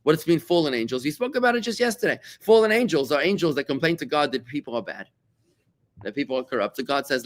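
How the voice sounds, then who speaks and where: A middle-aged rabbi from South Africa teaching a Torah class, animated and repeating words as he searches for them. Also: on the high side, fast. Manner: animated, repeats words while searching, acts out quoted voices.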